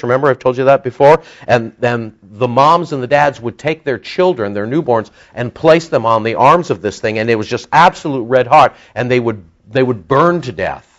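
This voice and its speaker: A man preaching a sermon with impassioned, emphatic delivery that rises into outbursts. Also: mid-range voice. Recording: dull lo-fi sound.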